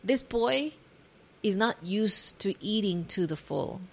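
A woman giving a devotional talk, reading scripture aloud and retelling the story imaginatively with gentle asides to the listener. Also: medium pitch, lively intonation, takes it slowly, creaky. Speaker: devotional speaker.

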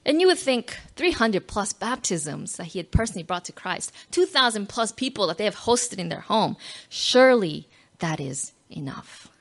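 A woman's voice: mid-range voice, moderate pace. Woman telling a heartfelt faith story. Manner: animated, acts out quotes, drops to near-whisper at emotional moments. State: moved close to tears at times. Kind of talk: personal faith story told to an audience.

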